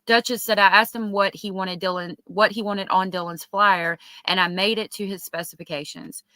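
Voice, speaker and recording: A woman's voice: mid-range voice, steady tone, normal speed, pushed and bright, no room sound. A woman hosting a casual livestream, reading chat messages aloud and chatting with lots of ums. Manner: chatty, filler-heavy with many ums. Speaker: livestream host.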